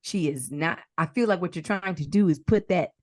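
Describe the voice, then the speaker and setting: A woman co-hosting a casual podcast, talking in an animated, profane way and slipping into mimicked voices. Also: fairly low pitch, normal speed, no room sound, studio quality. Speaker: podcast co-host. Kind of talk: casual chat.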